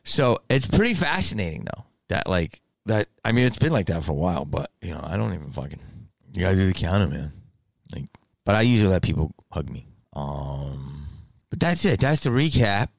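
A man's voice: low voice, very animated, brisk, vocal fry, no echo. A middle-aged man hosting a podcast, telling a rambling, profane story in a casual monologue. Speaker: podcast host.

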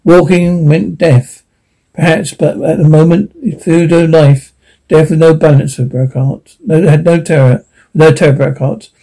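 Mellow male audiobook narrator. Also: a little high, steady tone, low-quality recording. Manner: halting, stumbling reading. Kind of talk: sci-fi audiobook reading.

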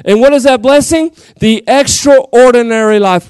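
Man, Southern accent, pastor, high voice, dry close sound, lively sermon. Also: normal speed, hardly any pauses, smooth, dry recording. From Texas. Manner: lively, shouts and drawls phrases to the congregation. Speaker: guest pastor. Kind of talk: Pentecostal sermon. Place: church.

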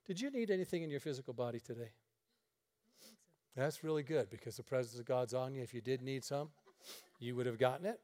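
A man's voice: medium pitch, fairly quick, warm tone. A male pastor preaching a storytelling sermon to a congregation, folksy and joking, acting out the dialogue. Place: church meeting room.

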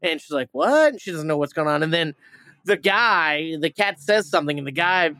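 Rambling, swearing man with a higher voice. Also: moderate pace, pushed and bright, smooth, no echo. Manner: rambling, profane, many fillers and restarts. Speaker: movie review podcast host. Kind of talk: casual movie review chat.

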